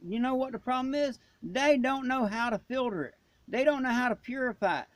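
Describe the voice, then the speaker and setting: A man's voice: very high voice, a little fast, no room sound. A man from Florida who hosts a prepping channel, ranting in a blunt, emphatic, folksy way. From Florida, USA. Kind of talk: ranting vlog.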